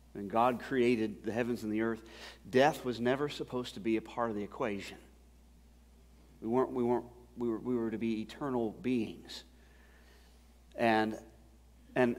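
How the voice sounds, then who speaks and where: Male pastor, conversational sermon delivery rising to emphatic preaching; long hall reverb. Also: on the low side. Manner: conversational storytelling that builds to loud, emphatic preaching.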